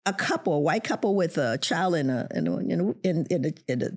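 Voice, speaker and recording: A middle-aged woman, a professor and podcast guest, telling a personal story in an animated way and acting out the voices of the people in it. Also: lowish voice, fairly quick.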